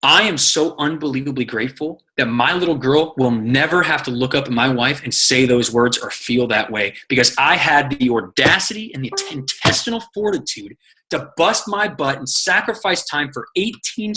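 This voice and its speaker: An energetic man coaches his team with a bright, forceful voice at a middle pitch. He talks casually and swears freely, and he tells stories with acted-out quotes to make his points. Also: normal speed, slight background noise, low-quality recording. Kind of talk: casual motivational teaching.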